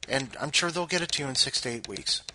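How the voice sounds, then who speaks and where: A man hosts a podcast in loose, rambling chat full of jokes and fillers. His pitch is mid-range but moves around a lot, lively and animated. Clear background noise and keyboard typing sit behind him. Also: fast talker. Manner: rambling, joking, lots of fillers and asides. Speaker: podcast host. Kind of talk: casual chat.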